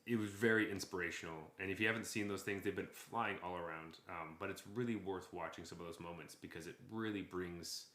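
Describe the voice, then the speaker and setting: Podcast co-host: excitable man with a lowish voice, easy laugh, in an echoey room. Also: fairly quick, hardly any pauses. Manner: excitable, enthusiastic, laughs often. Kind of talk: casual chat.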